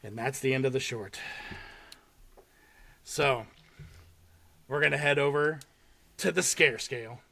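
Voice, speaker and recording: A young man hosting a podcast, casually and excitedly retelling a short horror film with swearing and laughter. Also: medium pitch, measured pace, creaky, long pauses. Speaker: podcast host. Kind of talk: casual chat.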